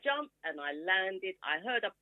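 A woman's voice: mid-range voice, very animated, a little slow, no echo. A woman in her sixties telling her story in a casual interview and acting out quoted voices along the way. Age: 60s. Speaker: author guest. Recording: tinny phone-like line, dry.

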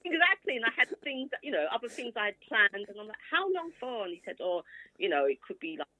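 A woman's voice: medium pitch, big pitch swings, fast talker, pushed and bright, no echo. A woman in her sixties telling her story in a casual interview and acting out quoted voices along the way. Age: 60s. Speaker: author guest. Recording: tinny phone-like line, dry.

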